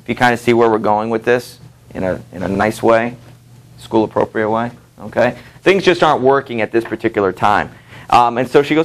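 A man lectures his high school literature class in a relaxed, conversational way, with plenty of fillers and quick asides to the students. He reads passages from the book aloud and voices the characters' lines as he goes.

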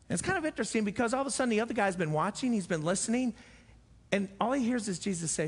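A man's voice: sits high, lively intonation, very fast, breathy edge. A man preaching a sermon as pastor, earnest and repeating phrases for emphasis. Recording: echoey church hall.

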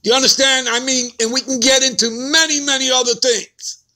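Male preacher, scripture teaching, emphatic, constant check-in questions, high and bright. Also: fairly even intonation, a little fast. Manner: emphatic, keeps asking "all right?" and "okay?".

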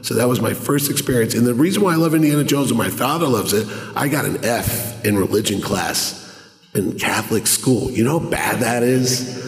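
A middle-aged man telling a lively story on a convention panel, acting out the voices of the people in it. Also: medium pitch, brisk. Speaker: podcast panelist. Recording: echoey hall, roomy reverb.

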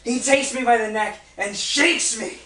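A man's voice: very high voice, unhurried, pushed and bright, full character voice. A man playing Job, a suffering man in agony who groans and cries out in a stage play, recorded in an echoey room from far off. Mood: anguished. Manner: anguished, crying out and groaning.

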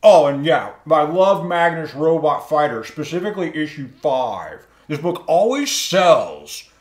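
A man's voice: on the high side, sing-song, measured pace. A man hosting a comic shop vlog, rambling and gushing and saying "oh yeah" over and over. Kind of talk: comedic vlog. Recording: roomy echo.

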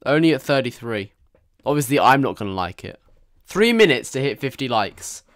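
A man's voice: medium pitch, sing-song, moderate pace, no room sound, clean studio sound. A young man chatting jokily to his viewers while commentating a live game stream. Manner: chatty, jokey, talks to viewers.

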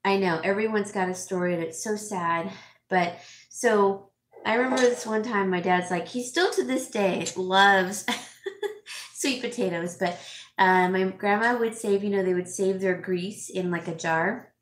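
A woman's voice: mid-range voice, unhurried, slight background noise. A middle-aged woman vlogger chatting with her viewers, emotional and teary, with frequent fillers and laughs. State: teary, sniffling. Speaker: home stager and vlogger. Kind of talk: casual chat reading viewer comments. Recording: echoey room.

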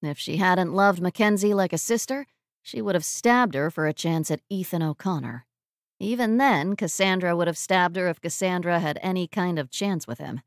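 A woman's voice: on the low side, normal speed, dry recording, clean studio sound. Woman narrating a romance audiobook. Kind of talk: scripted narration.

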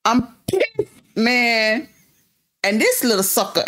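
A high-voiced woman reacts out loud to a show, her pitch leaping all over as she exclaims in disbelief again and again. Her speech is unhurried and drawn out, full of casual slang, and faint music plays underneath. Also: big pitch swings. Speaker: reaction video co-host.

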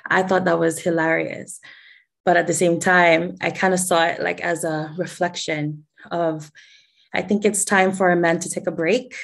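A young woman talks on a video call in a loose, chatty way, often laughing and starting her sentences over. Her voice sits low and has a gravelly fry. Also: flat delivery, moderate pace. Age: young adult. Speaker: voice actor. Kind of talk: casual video call chat.

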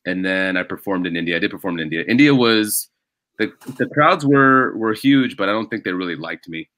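A comedian being interviewed on a podcast, telling animated, self-deprecating stories in casual chat. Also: male voice, sits low, fairly quick, no room sound, poor audio. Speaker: comedian guest.

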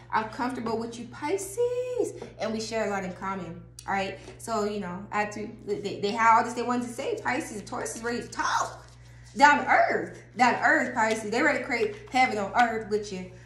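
A woman's voice: a little high, a bit bright. A woman giving a casual tarot reading straight to her viewers, chatty and loose, swearing and laughing freely. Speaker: tarot reader. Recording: echoey room with faint noise.

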